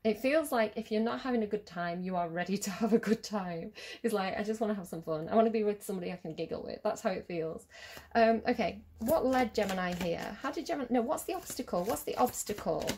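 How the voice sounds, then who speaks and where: Woman tarot reader, casual, chatty, giggly, mid-pitched, lots of ums. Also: fast, darkish tone, husky. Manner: chatty, giggly, rambling with many fillers.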